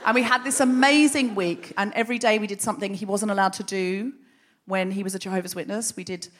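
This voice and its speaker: A woman host telling a comic story live on stage into a microphone, brisk and wry, with dry asides. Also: mid-range voice, fairly even intonation, slight background noise. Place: live stage before an audience.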